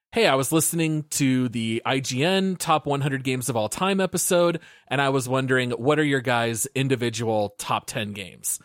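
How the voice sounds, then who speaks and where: A man's voice: mid-range voice, no room sound, clean studio sound. A man hosting a gaming podcast, reading the intro in an upbeat, announcer-like way and then chatting casually. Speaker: podcast host.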